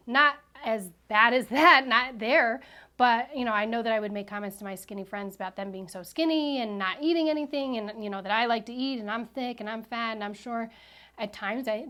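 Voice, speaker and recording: A woman in her thirties tells a personal story in a chatty vlog. She is animated, with a mid-range voice and frequent fillers and self-corrections.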